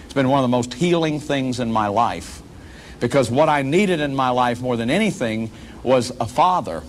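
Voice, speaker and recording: A man's voice: medium pitch, animated, moderate pace, a little hiss or hum. A man giving a public lecture as a workshop leader, earnest and emphatic, often repeating words as he restarts.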